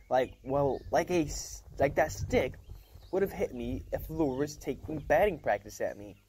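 A man reading a novel aloud in a casual first-person storytelling manner, with small slips and restarts. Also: medium pitch. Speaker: reader.

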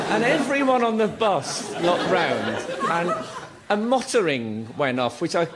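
A man's voice: high-pitched, heavy background noise. A man telling a long anecdote on a comedy panel show in a TV studio, rambling and hesitant, with many ums. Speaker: panel guest.

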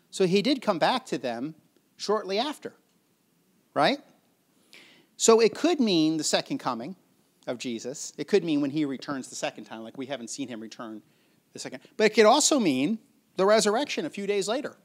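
A man's voice: a little high, sing-song, moderate pace. A man preaching a sermon in a conversational way, often asking his listeners questions and chuckling as he explains a scripture passage. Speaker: pastor.

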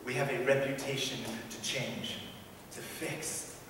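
A man preaching a sermon as pastor, earnest and emphatic, repeating key phrases and swinging between loud and hushed delivery. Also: mid-range voice, steady tone, measured pace. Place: church sanctuary. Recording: echoey church hall from far off, faint room noise.

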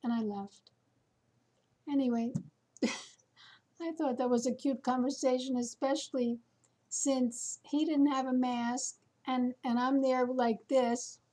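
Woman vlogger, unhurried chatty storytelling, somewhat high, soft mellow tone. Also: fairly even intonation. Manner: slow, chatty storytelling with fillers. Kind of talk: casual chat to camera.

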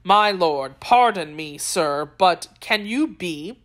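A rash, jealous young swordsman speaks with earnest passion, as a woman reads his lines. The voice is close to a plain storybook reading, slightly low in pitch. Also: lively intonation, slow pace, fairly bright tone.

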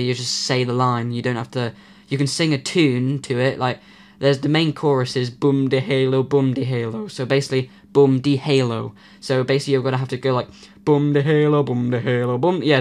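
A man's voice: mid-range voice, smooth. A man hosting his own channel, talking casually and rambling with many fillers while he loses his voice. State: losing his voice. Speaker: YouTube channel host. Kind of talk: casual vlog announcement.

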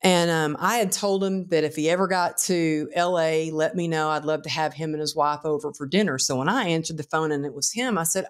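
A woman guest author telling a personal story in casual conversation, animated and acting out the voices of people in it. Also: deep voice, fairly quick, few pauses. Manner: animated, acts out quotes in the story.

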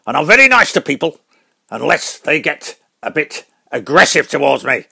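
A man voicing a boastful, hot-headed older boxing dad who gets loud and worked up. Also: a little high, very animated, moderate pace, gravelly, breathy edge, exaggerated voice.

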